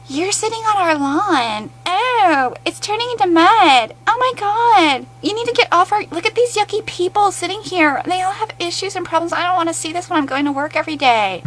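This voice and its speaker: A woman putting on a mocking, high sing-song voice as a prissy, complacent townsperson. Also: expressive, normal speed, hardly any pauses, fairly bright tone. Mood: disgusted.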